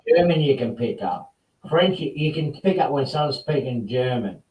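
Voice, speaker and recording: A man's voice: medium pitch, animated, moderate pace, darkish tone. A man hosting a casual video chat, telling stories in a rambling, chatty way. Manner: chatty storyteller, rambling with restarts. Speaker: host. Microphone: video call. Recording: roomy distant mic.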